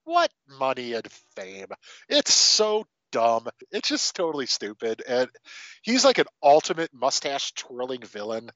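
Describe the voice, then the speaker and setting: A man's voice: medium pitch, huge pitch swings, a little slow, fairly bright tone, no echo. A man co-hosting a podcast, chatting casually and animatedly about a movie, swearing and laughing often. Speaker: podcast co-host. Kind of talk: casual film chat. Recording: dry, dull lo-fi sound.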